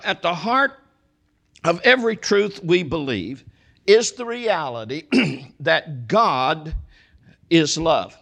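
Gravelly guy preaching a sermon, leans hard on words, drags the big ones out slow. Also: high-pitched, sharp tone. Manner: emphatic preaching, stretching key words slowly. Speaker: pastor.

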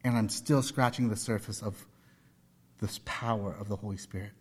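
A pastor in his forties, with a lowish, husky voice and a steady tone at normal speed, preaches a sermon. He relates personal stories with earnest, emphatic repetition, and the recording has a long hall reverb.

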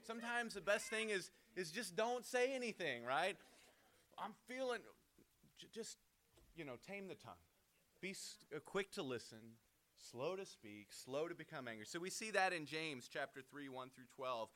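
A man's voice: fairly high pitch, expressive, moderate pace, a bit bright. A man giving a casual Bible teaching, conversational, often checking in with "right?" and restarting his words. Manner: frequent restarts and repeated words.

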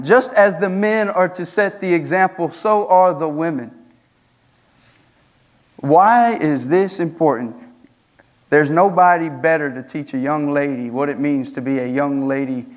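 A young male student pastor preaching from the pulpit. His voice sits a little high for a man, and he drives his points home with strings of rhetorical questions and rising emphasis. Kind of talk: sermon.

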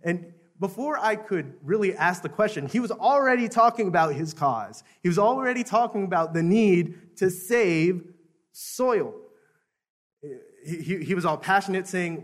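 Man, Baptist preacher, storytelling sermon, higher voice, chuckling, stammering. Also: expressive, moderate pace. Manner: chuckling, stammering, repeating words.

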